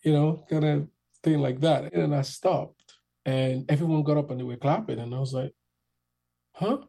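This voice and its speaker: A man telling a rambling, animated story in a casual interview, acting out the people in it. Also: fairly high pitch, normal speed, creaky. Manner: rambling, animated, acts out the people in his stories.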